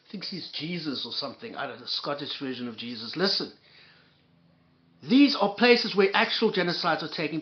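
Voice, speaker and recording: A man's voice: high voice, highs cut off. A man reacting to a clip with angry, profane ranting, sarcastic and insulting, often repeating and restarting his words.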